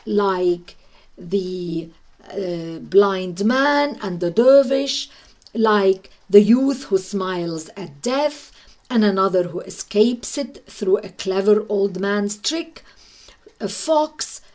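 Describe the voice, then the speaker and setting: Slow, expressive woman radio host. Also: medium pitch. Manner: unhurried, expressive storytelling. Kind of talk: storytelling radio talk.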